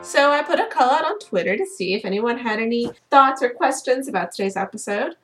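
A woman co-hosting a podcast in casual chat. She is upbeat, laughs often and throws in quick asides. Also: a little high, animated, loud music behind the voice. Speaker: podcast co-host.

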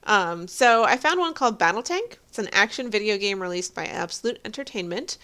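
Woman, podcast co-host, mid pitch, chatty trivia delivery with light laughs. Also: lively intonation, a little fast, sharp tone. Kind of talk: casual episode review chat.

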